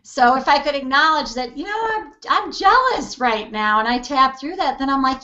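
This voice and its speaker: A woman's voice: high-pitched, very animated, moderate pace, few pauses, bright, forceful tone, muffled recording, soft background music. A woman guest in a casual interview, talking animatedly and acting out quoted voices with easy laughs. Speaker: interview guest, EFT practitioner.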